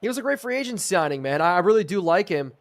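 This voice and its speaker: A man's voice: sits high, animated, quick pace. Man calling video football like a sportscaster. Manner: sportscaster-style play calling, chatting with viewers. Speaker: streamer and host. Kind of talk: live video game play-by-play commentary.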